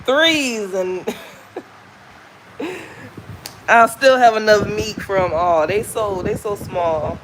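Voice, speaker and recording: A Southern American woman chats candidly to her camera as she walks, her voice sitting in a middle pitch. Traffic and steady outdoor noise run clearly under her voice. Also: slow pace, long pauses. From Southern United States. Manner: candid, chatty, folksy. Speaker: vlogger. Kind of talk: casual chat while walking. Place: outdoors on a walk.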